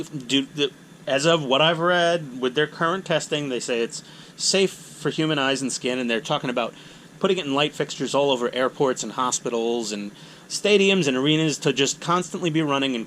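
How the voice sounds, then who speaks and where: A middle-aged man hosts a hobby channel, rambling casually and poking fun at himself. His medium-pitched voice is a bit bright, with a little hiss or hum in the recording, and he acts out voices in his anecdotes.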